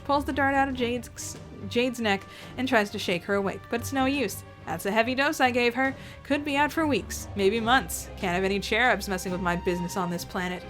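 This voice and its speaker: Theatrical woman reading a story aloud. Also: on the high side. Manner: theatrical and sarcastic, with asides. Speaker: reader reacting to fan fiction.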